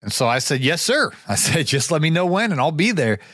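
A man's voice: on the high side, sing-song, fairly quick, a bit bright, dry recording, clean studio sound. A man hosting a podcast, telling a rambling story while getting over a sore throat with a cough drop in his mouth. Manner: rambling, many restarts and fillers. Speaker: podcast host. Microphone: podcast mic.

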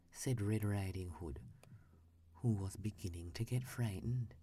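A woman narrator reading a bedtime fairy tale in a soft, hushed whisper. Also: a bass voice, measured pace, slight background noise.

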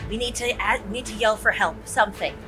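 A woman's voice: medium pitch, quick pace, music in the background, close to an everyday voice. A woman voicing her character, an earnest adventurer, in an urgent, pleading way during a tabletop game.

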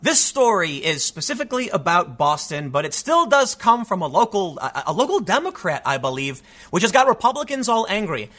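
A man's voice: high voice, a little fast. A man hosting an online show, giving emphatic, opinionated solo commentary. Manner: emphatic, animated, acts out quoted voices.

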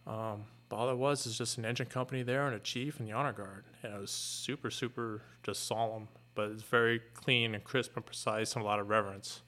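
A middle-aged man, a fire captain, earnestly retelling a painful personal story in a candid, halting way. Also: lowish voice, steady tone, bright, forceful tone.

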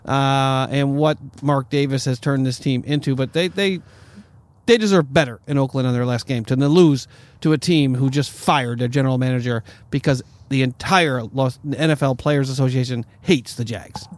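A man's voice: medium pitch, normal speed, dry recording. A man co-hosting a casual sports podcast, blunt and sarcastic, with plenty of swearing. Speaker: podcast co-host.

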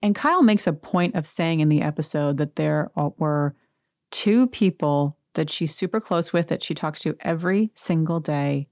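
A woman's voice: low-pitched, normal speed, darkish tone, no echo, clean studio sound. A woman hosting a podcast, recapping reality TV in a chatty, gossipy, wry way. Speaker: podcast host.

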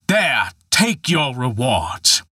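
A man's voice: medium pitch, very animated, drawn-out words, slightly rough, no room sound, clean studio sound, heavily acted. A man voicing a cruel, furious rich man with a heart of stone. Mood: angry. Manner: shouting, bitter.

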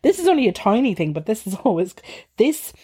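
A woman with an Irish accent, co-hosting a podcast in chatty, animated storytelling with frequent laughs. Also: on the high side, fairly quick, breathy edge. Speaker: podcast co-host. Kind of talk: casual chat.

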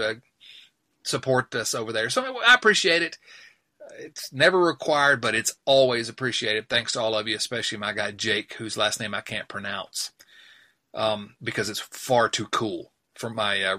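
A man's voice: mid-range voice, sharp tone. A man hosting a casual sports podcast, joking, laughing at himself and rambling through asides. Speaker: podcast host.

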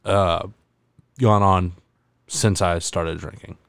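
A young man chatting casually, halting and restarting often as he talks. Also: low-pitched, steady tone, vocal fry, clean tone, dry recording. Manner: halting, with many fillers and restarts. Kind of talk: casual chat.

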